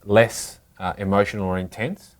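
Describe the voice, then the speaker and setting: A woman interviewer who asks quick follow-up questions and fills the gaps with short backchannel sounds. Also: extremely low pitch, fairly even intonation, a little mellow.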